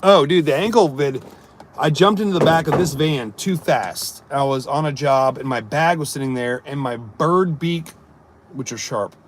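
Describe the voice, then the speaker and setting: A man's voice: medium pitch, slight background noise. A man and amateur comic chatting on a live stream, telling rambling jokey stories and answering his viewers. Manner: jokey, rambling storyteller who chats to viewers.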